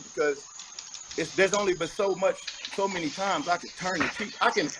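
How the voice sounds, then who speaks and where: A man's voice: high voice, a little fast, noisy background. A man giving an interview as a rapper, talking bluntly and emphatically, with frequent profanity. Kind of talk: candid interview talk.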